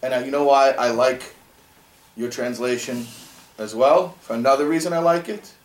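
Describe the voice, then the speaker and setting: A man's voice: mid-range voice, moderate pace, far from the mic. A man teaching a class, echoey room. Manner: conversational, rhetorical questions to students. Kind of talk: classroom Torah lesson.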